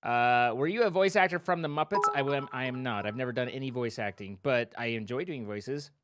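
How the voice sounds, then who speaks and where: A man's voice: mid-range voice, brisk, very noisy. Playful man reading out stream donations. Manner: reads out donor names, playful joking asides. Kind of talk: casual live-stream chat.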